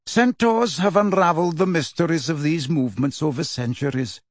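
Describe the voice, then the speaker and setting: A man voicing a calm, aloof male centaur teacher, speaking in a measured, quietly dismissive way. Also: fairly high pitch, no echo, studio quality, natural voice. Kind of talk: audiobook character reading.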